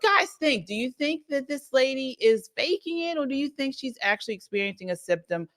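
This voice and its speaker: A woman's voice: high-pitched, lively intonation, fairly quick, fairly bright tone. A woman co-hosting a political livestream, casual and playful, laughing often as she signs off. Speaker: co-host.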